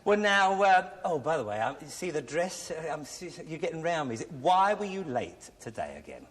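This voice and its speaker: A man with an English accent hosting a live TV game show, teasing contestants with quick jokes and asides. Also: fairly high pitch, sing-song. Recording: 1970s TV studio with loud audience.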